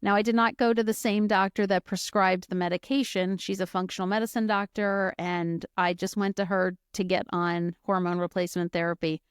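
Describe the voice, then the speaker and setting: A woman's voice: mid-range voice, fairly even intonation, brisk, hardly any pauses, clear, resonant tone, no room sound, clean studio sound. A middle-aged woman hosting a podcast, telling her personal story in a candid, chatty way full of fillers and asides. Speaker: podcast host.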